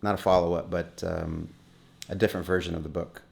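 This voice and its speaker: A middle-aged man from Wyoming, talking as an actor guest in a relaxed, rambling interview with many restarts. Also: sits low, fairly quick, creaky. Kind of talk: casual interview conversation.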